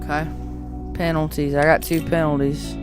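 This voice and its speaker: A man's voice: on the high side, flat delivery, moderate pace. A man streaming a game, talking wryly to the characters and joking as he plays. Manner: wry, joking, talks to the characters. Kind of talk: casual gameplay commentary. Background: game music.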